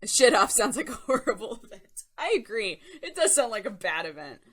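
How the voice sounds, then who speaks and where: A woman's voice: a little high, very animated, fairly quick, husky. A young woman hosting a casual live-stream chat show, reading and answering chat in a chatty, giggly way. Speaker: streamer host.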